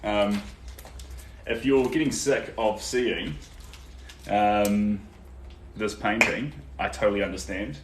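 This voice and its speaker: Young man, New Zealand accent, laid-back chatty live stream, deep-ish voice, far from the mic, faint hiss. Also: takes it slowly, pauses often. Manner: relaxed and chatty, many ums, answers viewer comments. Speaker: artist livestreaming a painting session. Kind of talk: casual live-stream chat while painting. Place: indoor art studio. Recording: roomy echo, distant from the mic, faint background noise.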